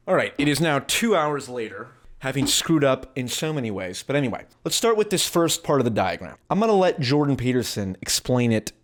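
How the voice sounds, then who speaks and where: A man hosting a sarcastic, energetic explainer video. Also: medium pitch, fairly quick. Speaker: commentary vlogger.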